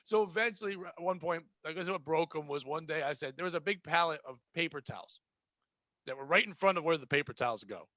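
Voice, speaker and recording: A male comedian hosting a podcast in a lively, profane storytelling style, acting out everyone he quotes. His voice sits high and bright. It is recorded close and dry, with no room sound. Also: fast talker, no echo. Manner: animated, profane, acts out quoted people.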